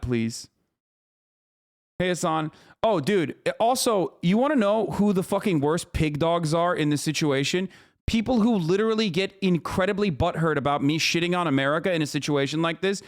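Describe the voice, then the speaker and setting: A man in his thirties streams an angry, profane political rant to his chat, stumbling over restarts as he goes. His voice is high.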